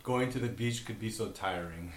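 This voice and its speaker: A man's voice: fairly low pitch, normal speed. Teasing young man, roomy sound. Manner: teasing, dry. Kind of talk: casual banter.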